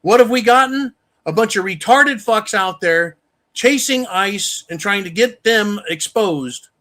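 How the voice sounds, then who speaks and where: A man's voice: sits high, sharp tone. A man hosting a show, delivering an angry, profane monologue rant. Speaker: show host. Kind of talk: opinion monologue.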